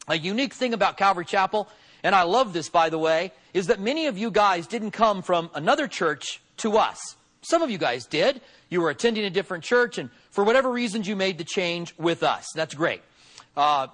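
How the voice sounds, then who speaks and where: A man with a high-pitched voice delivers a sermon to his church. He preaches in a relaxed, conversational way, with small fillers and restarts. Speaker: pastor.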